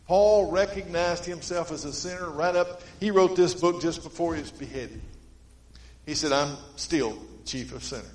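Preacher guy, kinda high voice, folksy sermon stories, gets loud then quiet, echoey church sound. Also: normal speed. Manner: folksy storytelling preaching, swings between emphatic and quiet.

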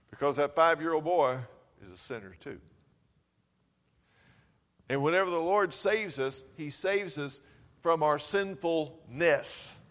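A man preaches a sermon in a fairly high voice. He swings from loud, urgent calls to low, quiet passages, and his words hang in the long reverb of a big hall.

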